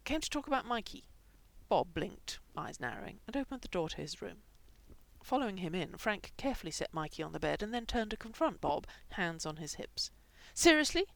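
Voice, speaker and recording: Gravelly woman reading a story aloud. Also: fairly low pitch, brisk, dry recording. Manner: reads dialogue with lively shifts, dropping to whispers. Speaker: narrator. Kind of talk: fan fiction reading.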